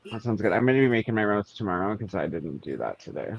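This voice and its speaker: A man co-hosting a casual book club livestream, playful and quick to laugh. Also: fairly low pitch, animated, creaky, dull audio. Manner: playful, laughs often, slips into silly voices. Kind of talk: casual chat.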